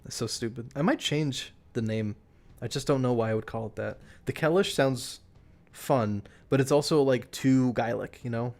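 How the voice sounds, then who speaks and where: A man's voice: mid-range voice, normal speed, darkish tone. A man streaming live, chatting casually in a rambling way, restarting his sentences and laughing at himself.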